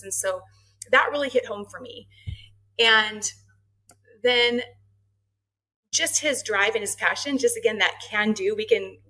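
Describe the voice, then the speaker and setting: A middle-aged woman, a guest on a podcast, telling her story in a casual interview, lively and quick to laugh, acting out the dialogue she quotes. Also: medium pitch, rough recording. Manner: animated, acts out quoted dialogue, laughs often. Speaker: marketing and HR head, podcast guest.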